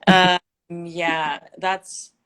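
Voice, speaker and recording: A woman's voice: lowish voice, flat delivery, drawn-out words, fairly bright tone, clean tone. A woman from Russia with a Russian mother tongue, speaking as a guest linguist on a livestream and explaining things confidently. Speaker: guest linguist and accent coach. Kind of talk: livestream interview.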